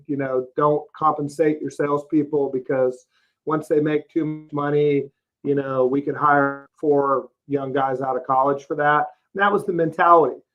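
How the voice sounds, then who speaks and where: Plain-spoken Texas man in his fifties telling stories. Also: a little high. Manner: plain-spoken, folksy, lots of "uh" and "you know". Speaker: roofing company CEO, podcast guest. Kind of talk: casual interview storytelling. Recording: slightly dull, lo-fi podcast audio.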